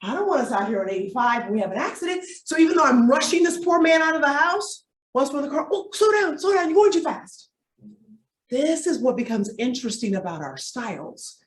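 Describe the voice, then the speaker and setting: A woman coach presents to a live room, animated and playful. Her voice sits a little high. She is caught from a distance in an echoey space. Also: fast talker. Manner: animated and playful, with comic asides. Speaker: workshop coach.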